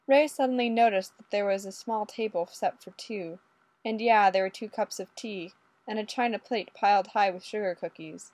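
A woman narrating a story in an even, steady way. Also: medium pitch, moderate pace, dry recording. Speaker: story reader.

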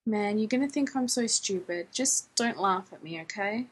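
A woman voicing an embarrassed, excitable young man who rambles on with lots of "like" and "man", in a husky voice. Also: mid-range voice, moderate pace, poor audio. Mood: rambling. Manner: rambling, breathless, full of "like" and "man".

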